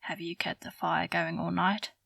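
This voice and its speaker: A woman narrator voicing an injured young man who answers curtly and quietly in an audiobook. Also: lowish voice, level tone, moderate pace, gravelly, dry recording, clean studio sound, recorded from a distance, full character voice. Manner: curt, quiet.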